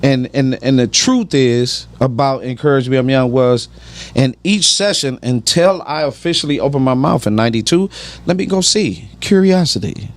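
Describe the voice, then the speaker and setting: A man's voice: medium pitch, moderate pace, a little hiss or hum. A man giving emphatic, preachy personal testimony on a podcast, often asking "right?".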